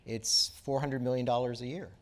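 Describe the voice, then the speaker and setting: A man's voice: mid-range voice, steady tone, fairly quick. A man moderating an onstage conversation, posing long, conversational questions. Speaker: interviewer, moderator. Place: auditorium stage.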